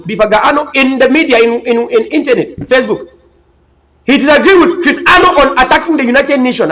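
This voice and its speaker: Heard on a low-quality recording, a political commentator with a very high-pitched, sharp male voice gives a passionate political talk. His style is emphatic and sermonizing; he repeats himself and stumbles over words, with many stammered restarts.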